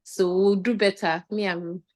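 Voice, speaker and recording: A woman's voice: mid-range voice, fairly even intonation, measured pace. A woman chairing an online community session over a video call, keeping time and thanking speakers with church phrasing. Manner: warm thanks, light laughter, church phrasing. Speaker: moderator.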